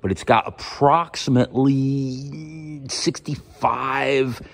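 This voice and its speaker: A man in his workshop telling a casual, animated story and acting out what other people said. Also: takes it slowly, gravelly. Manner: animated, quotes others with pitch jumps. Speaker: vlogger in his shop.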